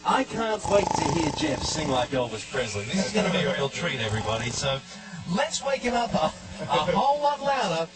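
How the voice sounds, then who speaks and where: A man's voice: fairly high pitch, big pitch swings, fairly quick. A man entertaining children at a live concert, enthusiastically rallying the audience. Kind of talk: live show patter to audience. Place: concert auditorium. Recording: live concert with loud music.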